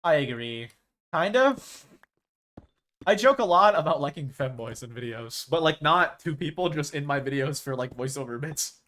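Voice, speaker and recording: A man's voice: fairly high pitch, lively intonation, normal speed, a bit bright. A man chatting casually with his stream viewers as a live streamer, rambling and acting out quoted exchanges.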